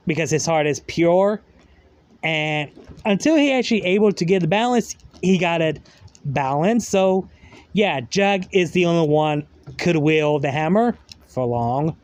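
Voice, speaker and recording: A man's voice: high-pitched, a little mellow. A man casually retelling a fan story in a rambling way, full of fillers and loose grammar.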